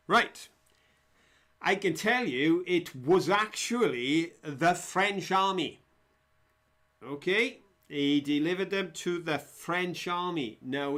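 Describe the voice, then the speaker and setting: A man hosting a live quiz in a chatty, joking way. His voice sits a little high for a man. He talks slowly and unhurriedly. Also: fairly bright tone. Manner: chatty, jokey, reads out viewers' answers. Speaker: quiz host.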